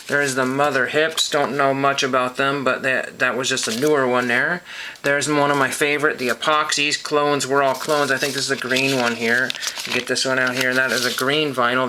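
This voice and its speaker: A man's voice: medium pitch, noisy background. A man casually showing his box of records, rambling and hesitant with many ums and self-corrections. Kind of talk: casual show-and-tell monologue.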